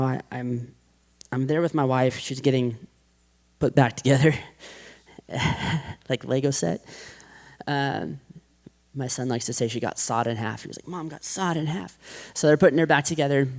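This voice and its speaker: A man in his thirties tells his own faith story in a relaxed, conversational way. He leans on "like" constantly and slips into the voices of the people in his story. His pitch sits in the middle for a man. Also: gravelly. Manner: casual, heavy use of "like", acts out quotes. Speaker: podcast guest. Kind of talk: personal testimony.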